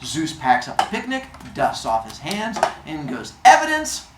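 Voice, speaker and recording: A woman's voice: rumbling low, very animated, a little slow, very noisy. A woman telling a myth in a casual, jokey way, full of asides and acted-out voices. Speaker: storyteller. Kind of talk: casual comic retelling of a myth. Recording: roomy echo, faint ambience.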